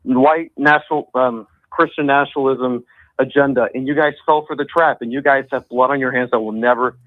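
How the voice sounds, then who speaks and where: An angry male caller ranting into a talk radio show. His voice is mid-pitched and dry, coming through a muffled, lo-fi phone line. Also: steady tone, a little fast, dry recording. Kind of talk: call-in rant.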